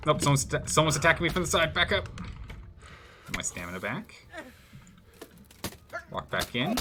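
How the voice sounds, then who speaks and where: A man's voice: fairly high pitch, big pitch swings, moderate pace, pauses often, noisy background. A man streaming gameplay live, commenting in a playful, jokey way.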